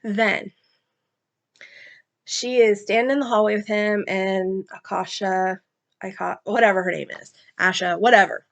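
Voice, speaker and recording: A woman's voice: medium pitch, steady tone, unhurried, vocal fry. A woman chatting casually about novels she has read, retelling the plot with lots of fillers, asides and personal stories. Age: adult, mother. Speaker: book reviewer. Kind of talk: casual book discussion.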